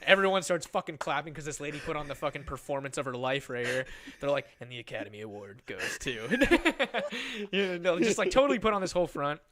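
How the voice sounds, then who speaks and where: A young man in his twenties tells a story on a podcast with a slightly high voice. He is animated and swears freely, and he acts out the other people's lines as he goes. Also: quick pace. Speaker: podcast guest. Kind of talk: casual storytelling.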